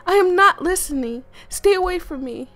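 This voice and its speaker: A woman voicing a frightened, distraught young heroine in a story game, pleading in a high, tearful voice. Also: slow, darkish tone, soft background music. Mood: frantic.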